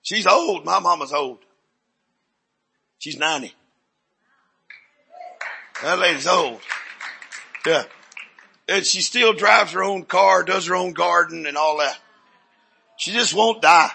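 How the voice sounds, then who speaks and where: An older man, preaching in a rambling, folksy storytelling sermon with sudden shouts. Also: high voice, slow pace, gravelly, long pauses, slight background noise.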